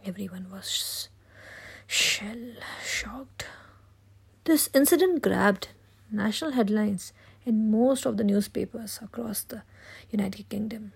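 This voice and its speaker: A woman voicing a grieving grandmother in her sixties, retelling a childhood tragedy in slow, somber, breathy whispered role-play. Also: medium pitch, heavily acted. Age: 60s.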